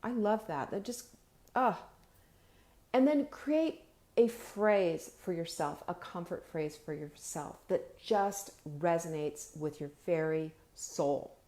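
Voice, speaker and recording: A woman's voice: fairly low pitch, animated, takes it slowly. A woman gives an emphatic, motivational live-stream talk and speaks straight to her viewers. She stretches out her key words and often repeats a word before she carries on. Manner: addresses viewers warmly and directly, reads their comments aloud. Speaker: host of a live video show.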